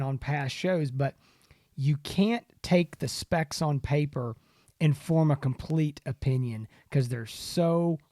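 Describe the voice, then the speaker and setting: A man co-hosting a casual podcast, his voice sitting a touch high. He rambles with fillers and restarts, recorded dry and close with no room sound. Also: warm tone, dry recording. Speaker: podcast co-host. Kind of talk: casual chat.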